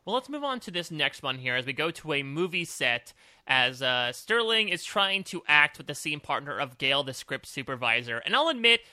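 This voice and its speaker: A man co-hosting a podcast, talking casually and in an upbeat, animated way about comedy sketches, often laughing. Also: fairly high pitch, normal speed, no echo. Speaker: podcast co-host. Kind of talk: casual review chat.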